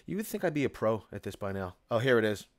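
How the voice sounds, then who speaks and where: Middle-aged Philly-accented host, low voice, dry close sound, loose rambling live-chat delivery. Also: male voice, sing-song, quick pace, dry recording. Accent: Philadelphia. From Philadelphia. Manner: rambling, restarts often, reads comments aloud. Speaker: construction company host answering viewer questions. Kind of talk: casual live-stream Q&A chat.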